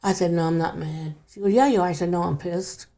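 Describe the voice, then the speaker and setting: A woman's voice: fairly low pitch, steady tone, brisk. An older woman, a podcast guest, telling a personal story in a casual way, often dropping to a near whisper. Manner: hushed, drops to near whisper at times.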